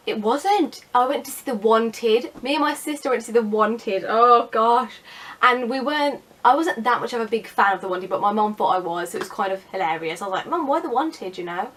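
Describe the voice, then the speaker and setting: A woman's voice: on the high side, fairly quick, fairly bright tone. A young woman chatting casually in a vlog, sarcastic and self-mocking. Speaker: vlogger.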